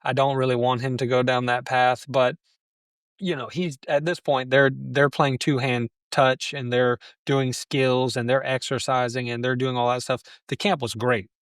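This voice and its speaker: A man's voice: mid-range voice, little pitch movement, moderate pace, a bit bright, clean tone, no echo. Reflective man telling parenting stories. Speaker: podcast guest. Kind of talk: conversational interview.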